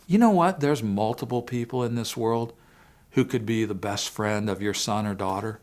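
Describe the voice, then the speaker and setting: A man addresses parents during a Christian family series, recounting his own story with sincerity and shifting from quiet passages to forceful ones. He speaks in a mid-range voice at a fairly quick clip.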